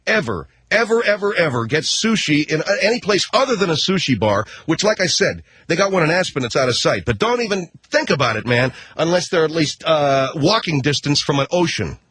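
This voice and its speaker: A middle-aged man telling a story on the radio in an animated, slangy way. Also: fairly high pitch, brisk, few pauses, slightly rough, dry recording. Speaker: radio host. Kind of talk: storytelling monologue.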